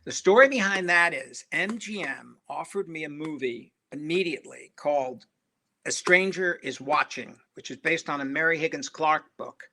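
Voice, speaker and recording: An older man recounting stories from his career in a bright, forceful voice that sits a little high for a man. He throws himself into each anecdote, acting out everyone he quotes. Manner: animated storyteller who acts out quoted voices. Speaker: film director, interview guest. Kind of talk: anecdotal interview storytelling.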